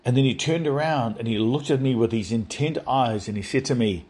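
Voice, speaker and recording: A man telling a personal spiritual testimony in an earnest, halting way, often restarting and repeating words. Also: mid-range voice, darkish tone, slightly rough. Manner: earnest, addresses listeners directly. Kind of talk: rambling first-person testimony.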